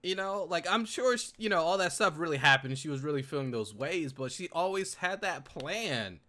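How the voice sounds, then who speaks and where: A man reacting to a TV episode in casual commentary, prone to loud excited outbursts and repeated exclamations. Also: a little high, normal speed. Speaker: reaction video host.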